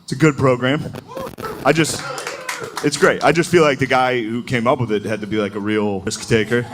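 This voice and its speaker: A man's voice: medium pitch, steady tone, moderate pace. A man doing a stand-up comedy set, telling stories in a crude, profane and laughing way. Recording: noisy live recording.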